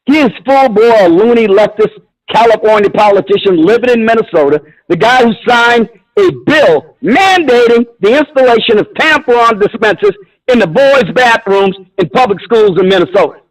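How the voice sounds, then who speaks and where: A man's voice: high-pitched, expressive, normal speed, poor audio. A man calling in to a talk show, arguing bluntly and combatively with frequent swearing. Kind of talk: heated call-in argument.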